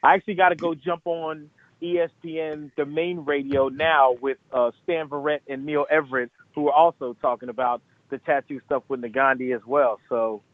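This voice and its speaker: A man who is a guest golf analyst tells a story in an animated way, laughing often, over the phone. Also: on the high side, normal speed, no echo. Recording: tinny phone line, dry.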